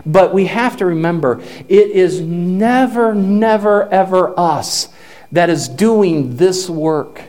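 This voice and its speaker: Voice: medium pitch, animated, slow pace, a little mellow. Emphatic preacher delivering a sermon. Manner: emphatic, repetitive preaching with rises and falls. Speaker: pastor. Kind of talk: sermon to a congregation.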